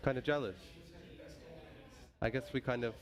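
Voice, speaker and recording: A man's voice: mid-range voice, normal speed, soft background music. A man playing his character in a tabletop game, arguing warily over a deal. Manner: wary, argumentative bargaining. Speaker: player.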